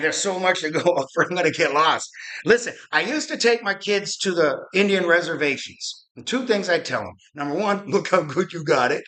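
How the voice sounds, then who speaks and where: Middle-aged male host, raised in Arizona, bright cutting voice, worked-up rambling rant. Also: high-pitched. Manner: ranting, profane, rambling with restarts. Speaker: podcast host. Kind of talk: fired-up political rant.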